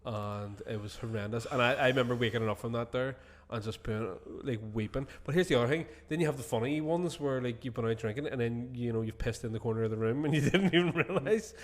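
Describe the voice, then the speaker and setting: A man's voice: medium pitch, fast, few pauses. A man hosting a podcast, telling drinking stories in casual chat, swearing often and laughing through them. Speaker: podcast host.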